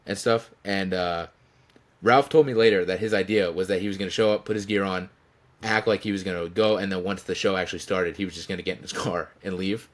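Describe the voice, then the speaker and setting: Deep-voiced man rambling through stories. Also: steady tone, a little fast. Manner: rambling, with restarts and chuckles. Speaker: channel host telling stories. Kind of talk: casual storytelling tribute. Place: indoors, his room.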